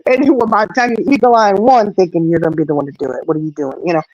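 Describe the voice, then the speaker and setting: Animated woman telling a story. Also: lowish voice, racing, dry recording, dull audio. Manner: animated storyteller, acts out quotes. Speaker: host. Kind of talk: casual chat.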